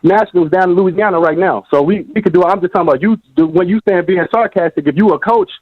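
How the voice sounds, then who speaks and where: A man's voice: sits high, fast talker, no echo, narrow, tinny audio. A male caller on a boxing podcast arguing heatedly and calling people "bro". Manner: argumentative, repeats "bro". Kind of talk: heated podcast call-in debate.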